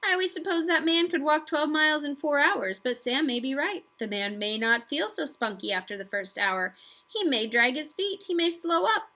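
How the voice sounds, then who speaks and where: A woman reading aloud, voicing a gentle young woman teacher who talks in a thoughtful, agreeable way. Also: high-pitched, expressive, normal speed, voice pushed up, exaggerated voice. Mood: musing.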